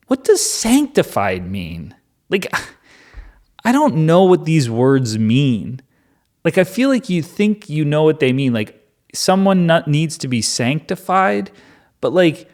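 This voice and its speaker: A man's voice: fairly high pitch, sing-song, slow pace, darkish tone. A man reading the Bible aloud and musing over it in casual commentary, wondering aloud and saying "like" a lot. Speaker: Bible reader and host.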